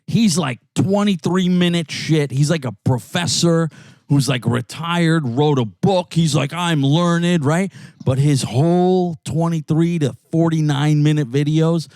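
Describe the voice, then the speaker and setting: A man from New York talks fast and loose, swearing freely and slipping into impressions of other people as he tells stories. His voice sits fairly high for a man. The sound is dry and close, with no room around it. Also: no room sound. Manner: animated, swearing storyteller who mimics voices. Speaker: podcast co-host. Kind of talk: profane casual chat in a car. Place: inside a jeep.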